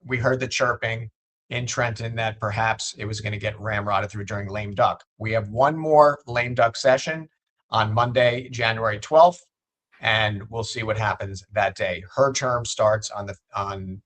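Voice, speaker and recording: A man who is a state legislator, a guest on a political interview show, making his points in a measured way and often repeating words as he builds them. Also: lowish voice, a bit bright.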